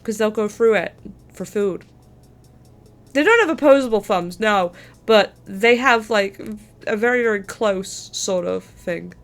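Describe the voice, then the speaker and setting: A woman hosts a relaxed streaming chat, talking in long, rambling stretches. Her speech is loose and informal, with the odd swear word. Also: medium pitch, measured pace, faint music behind. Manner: chatty, rambling, swears casually. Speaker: streamer host. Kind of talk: casual chat.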